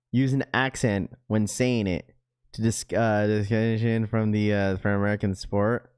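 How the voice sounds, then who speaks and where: His voice is lowish, darkish and clean, held steady at a measured pace. As a livestream host in casual chat, he reads out viewer comments using slang, says bro over and over, and laughs a lot, keeping it loose and jokey.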